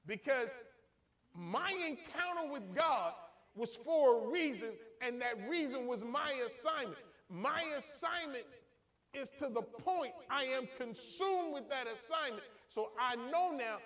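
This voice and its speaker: A man's voice: extremely high pitch, lively intonation, unhurried, fairly bright tone. A man preaching a sermon in a church, telling a folksy personal story with emphatic delivery. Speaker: pastor.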